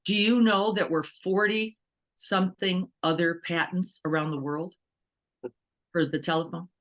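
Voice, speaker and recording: A woman's voice: on the low side, a little slow. A woman meditation teacher giving a casual dharma talk, full of rhetorical questions and acted-out quotes. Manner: animated, asks rhetorical questions, acts out quotes.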